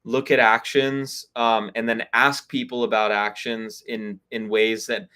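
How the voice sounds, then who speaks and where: With a fairly low, sharp, clean voice that moves little in pitch and runs a little slow, a man hosts a live spiritual call over video. As a spiritual reader and community host, he gives candid, casual advice on friendships, acting out bits of dialogue.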